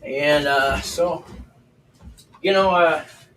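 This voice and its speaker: A man's voice: on the high side, slow pace, a bit bright, far from the mic. An older man hosting a livestream, telling stories in a blunt, profane, chatty way while cooking in his home kitchen. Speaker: livestream host. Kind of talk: casual storytelling while cooking. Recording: roomy, off-mic with faint background noise.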